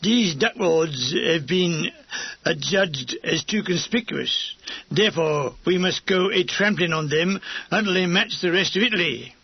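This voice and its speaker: A man's voice: sits high, lively intonation, husky, no room sound, dull audio, voice pushed down, heavily acted. A man doing a nasal Cockney sergeant. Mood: officious. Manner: clipped, slow, officious announcement.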